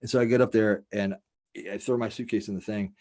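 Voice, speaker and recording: A man hosting a casual podcast, telling a wild story in a profane, rambling, animated way. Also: fairly low pitch, quick pace. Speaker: podcast host.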